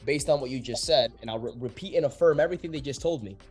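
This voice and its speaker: A man's voice: mid-range voice, fast talker, darkish tone, slightly rough, soft background music. A young man, a real estate agent, talking casually and acting out both sides of sales calls, swearing freely. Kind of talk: casual podcast talk, explaining sales calls.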